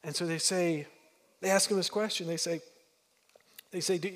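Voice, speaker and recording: Male pastor, higher voice, storytelling sermon, reverberant hall sound. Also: steady tone, normal speed, a bit bright. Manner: storytelling, emphatic with repeated restarts.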